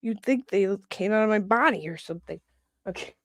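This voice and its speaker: A woman's voice: medium pitch, lively intonation, brisk, fairly bright tone, no echo, clean studio sound. A woman hosting a livestream, chatting casually in a gossipy way and laughing often. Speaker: livestream host.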